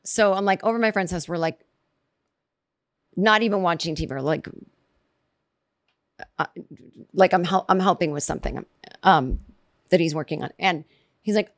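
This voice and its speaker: A woman's voice: on the low side, moderate pace, pauses often, no echo, studio quality. A woman telling a casual comic story, rambling and chatty, acting out quoted reactions as she goes.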